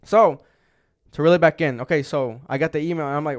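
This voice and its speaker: A young man co-hosts a podcast and tells a long personal story in loose, rambling chat. He swears often and leans on filler words. His voice sits a bit high and sounds smooth and clean. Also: fast talker. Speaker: podcast co-host.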